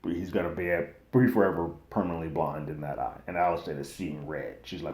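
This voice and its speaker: A man hosting a casual, slangy TV recap and review, animated and loosely acting out what characters say. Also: very deep voice, brisk, hardly any pauses, a little hiss or hum. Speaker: TV recap host. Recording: echoey room.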